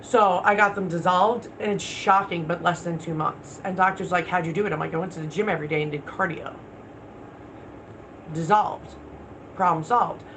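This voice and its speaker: A woman's voice: lowish voice, moderate pace, a bit bright, a little hiss or hum, low-quality recording. A woman hosting a casual livestream, talking bluntly with plenty of swearing and answering viewer comments. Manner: blunt, profane, talks back to viewer comments. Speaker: livestream host.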